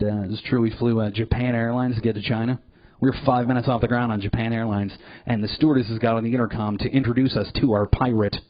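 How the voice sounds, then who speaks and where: Profane man doing live stand-up. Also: on the low side. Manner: profane, animated, jumps into loud put-on voices. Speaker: stand-up comedian. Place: comedy club stage. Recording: dull lo-fi live recording.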